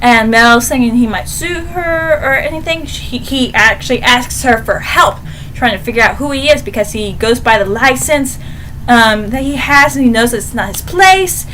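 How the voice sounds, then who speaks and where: Animated young woman reviewing a book. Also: fairly high pitch, moderate pace, slight background noise. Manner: animated, playful, shouts and dramatic asides. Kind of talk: casual book review vlog.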